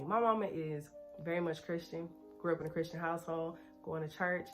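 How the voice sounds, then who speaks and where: A young woman from Texas telling a personal story while doing her makeup. She talks in an animated, chatty way and speeds up when she gets nervous. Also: sits low, a little fast, soft background music. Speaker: beauty vlogger.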